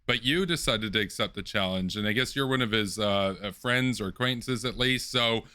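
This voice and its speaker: A man hosting an online political debate, speaking in a measured way with many filler ums and uhs. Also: fairly low pitch, background noise. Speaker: debate host.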